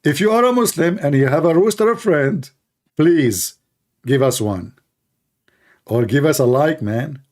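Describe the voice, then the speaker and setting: A man's voice: a little high, expressive, measured pace, pauses often, a little mellow. A man hosting mocking religious commentary in a sarcastic, incredulous tone. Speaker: host.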